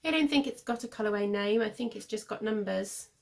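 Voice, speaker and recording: A woman in her thirties from the UK hosting a knitting podcast, rambling casually with lots of fillers and self-corrections, a little hoarse as she is losing her voice. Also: medium pitch, fairly quick. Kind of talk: casual show-and-tell chat.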